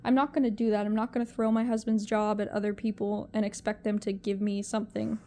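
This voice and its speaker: A woman's voice: medium pitch, flat delivery, quick pace, dark tone, slight background noise. A young woman talking to camera in a personal vlog, emotional and rambling, often repeating herself. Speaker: vlogger.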